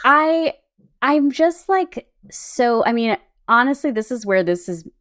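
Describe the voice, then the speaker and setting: Lively, laughing woman co-host. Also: a little high, takes it slowly. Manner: animated, laughing, rambling. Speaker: podcast co-host. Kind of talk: casual chat. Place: Los Angeles.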